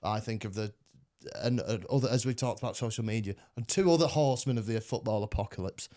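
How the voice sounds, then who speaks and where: A man's voice: lowish voice, fast talker, dark tone. A man hosting a casual podcast chat, rambling, swearing and laughing often. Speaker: podcast host.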